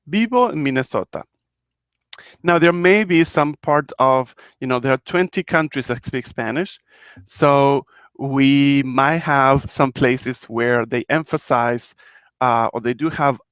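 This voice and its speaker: Male Spanish teacher from Argentina, slow and patient, repeats every example phrase, dry close-mic sound. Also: medium pitch, a bit bright, clear, resonant tone, dry recording. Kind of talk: live online language lesson.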